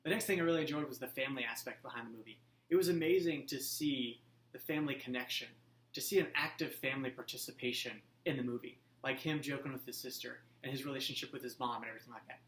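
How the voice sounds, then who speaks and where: A man's voice: medium pitch, fast talker, fairly bright tone. Chatty young man in an echoey room. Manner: enthusiastic, chatty, loose fillers. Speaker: host. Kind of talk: casual movie review. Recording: echoey room with faint hum.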